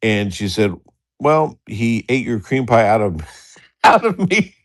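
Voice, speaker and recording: A man's voice: mid-range voice, big pitch swings, measured pace. A middle-aged man telling a crude personal story in a rambling way, often laughing and acting out the dialogue. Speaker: storyteller on a livestream talk show. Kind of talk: casual storytelling.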